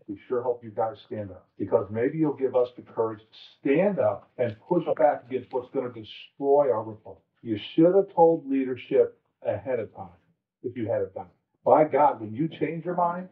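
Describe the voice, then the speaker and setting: A man's voice: fairly high pitch, far from the mic. A man, a state legislator, giving a fiery, emphatic speech at a closed-door meeting that builds to anger. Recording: tinny leaked phone-like recording.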